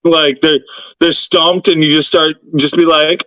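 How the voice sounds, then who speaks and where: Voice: medium pitch, fairly even intonation, measured pace, a bit bright, no room sound, low-quality recording. A speaker in casual voice-chat banter who talks emphatically and swears freely.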